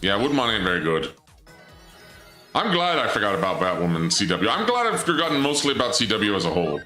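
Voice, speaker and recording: Goofy male streamer, bright and roomy. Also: on the low side, fairly quick. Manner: goofy, joking with chat, voice jumps up when excited. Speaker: game streamer. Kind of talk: casual let's-play commentary. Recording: echoey room with game music underneath.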